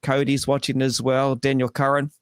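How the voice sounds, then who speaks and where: A New man co-hosts a casual live stream and works through a list of shout-outs to viewers. His voice sits at a middle pitch, recorded dry and close to the mic. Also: moderate pace, smooth, dry recording. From New Zealand. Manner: reads out viewer shout-outs in a steady, friendly run. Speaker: co-host.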